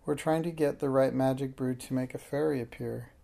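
Reader doing a young girl, eager, anxious, excited exclamations, gravelly dark voice, storybook. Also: mid-range voice, a little fast, lightly acted.

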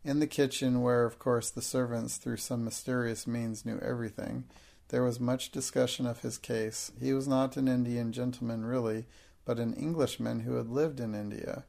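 Gravelly male audiobook narrator. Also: medium pitch. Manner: steady, measured storytelling. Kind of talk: audiobook reading.

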